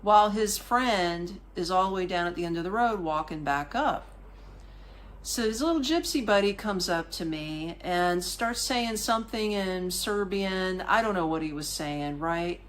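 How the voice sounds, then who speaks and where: A woman hosting a podcast, telling a travel story in a casual, animated, colloquial way with frequent asides to the listener. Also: lowish voice, measured pace, slight background noise. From United States. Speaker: podcast host.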